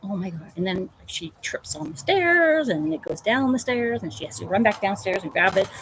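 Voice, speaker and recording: A woman hosting a casual crafting livestream, telling animated stories about her pet and reading out viewer comments. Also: medium pitch, moderate pace, a little hiss or hum, poor audio. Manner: chatty storytelling, animated. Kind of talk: casual chat.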